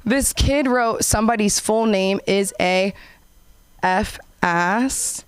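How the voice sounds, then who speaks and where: A young woman doing a stand-up comedy set and hosting an open mic, animated and acting out characters in high voices. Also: takes it slowly, clean tone, no echo. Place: comedy club stage.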